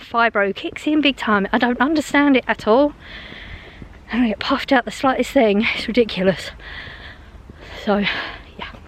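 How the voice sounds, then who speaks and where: A woman vlogging while walking her dogs outdoors, chatting in a rambling way, laughing often and a little out of breath, filmed on a handheld phone. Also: sits high. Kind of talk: rambling chatty vlog on a dog walk. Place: outdoors on a walk.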